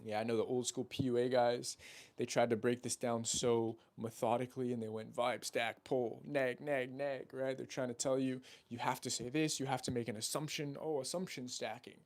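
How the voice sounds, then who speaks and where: A young man talks casually and brashly about dating, pitching his coaching with plenty of swearing. He drops into quick impressions of his friends along the way. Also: steady tone, darkish tone. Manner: brash, profane and salesy; acts out friends' voices in quotes. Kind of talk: casual talking-head monologue.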